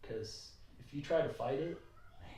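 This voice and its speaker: A middle-aged man hosting a podcast, talking in a rambling, animated way with jokey asides. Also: fairly high pitch, normal speed, recorded from a distance. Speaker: podcast host. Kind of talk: casual interview chat. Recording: roomy, from off mic.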